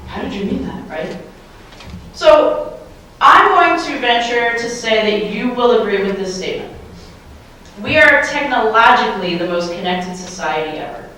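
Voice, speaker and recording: A woman's voice: on the high side, expressive, a little slow, pushed and bright, slight background noise. Playful woman giving a keynote in an echoey hall. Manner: playful, asks the audience questions. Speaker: keynote speaker. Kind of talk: motivational keynote. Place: large hall, live audience. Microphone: handheld microphone. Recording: very echoey hall, mic from far off.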